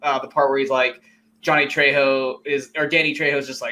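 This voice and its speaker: A man's voice: medium pitch, fairly even intonation, a little fast, bright, forceful tone. A man co-hosting a casual movie podcast, talking enthusiastically, laughing often and quoting film lines. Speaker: podcast co-host.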